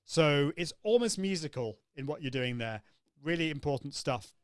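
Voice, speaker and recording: Teaching on his live coaching stream, the host stays upbeat and demonstrative while responding to viewer comments. He has a smooth, expressive, slightly high voice at a moderate pace, with no room sound.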